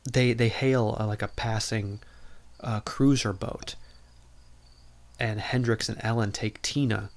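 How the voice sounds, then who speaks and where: Man, podcast host, low voice, casual rambling recap, lots of fillers, at home. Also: steady tone, unhurried, long pauses. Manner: rambling, heavy use of filler words. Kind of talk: casual movie plot recap. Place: room at home.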